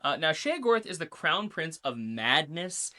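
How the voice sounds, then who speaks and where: A woman's voice: low-pitched, big pitch swings, moderate pace, sharp tone. A woman co-hosting a podcast, explaining game lore in a chatty, casual way with lots of fillers. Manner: chatty, reads notes, filler-heavy. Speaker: podcast co-host.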